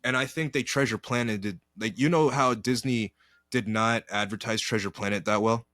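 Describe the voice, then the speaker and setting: Man, podcast co-host, casual chat, animated, slangy, dry close mic. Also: lowish voice, moderate pace, no echo.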